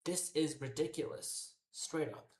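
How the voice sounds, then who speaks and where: A woman's voice: sits low, measured pace, darkish tone. A woman ranting heatedly as a wrestling show reviewer, swearing constantly and repeating herself in exasperation. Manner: profane, exasperated, repetitive ranting. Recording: roomy echoey room.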